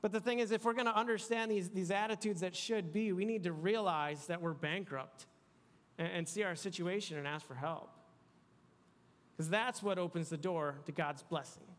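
A man's voice: sits high, moderate pace, fairly bright tone. A man preaching a sermon to a young crowd in a casual, conversational way, often restarting his words. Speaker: youth pastor. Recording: long hall reverb.

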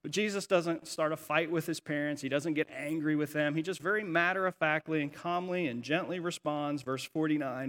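Brief: middle-aged male pastor, bright and forceful tone, a bit higher, animated storytelling sermon. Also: fairly quick. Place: church sanctuary. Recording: echoey hall.

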